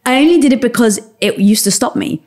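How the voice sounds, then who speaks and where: A woman's voice: a little high, animated, brisk, a little mellow. A woman in her thirties, a podcast guest, talking candidly and acting out her inner voice in quotes. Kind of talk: candid conversational storytelling.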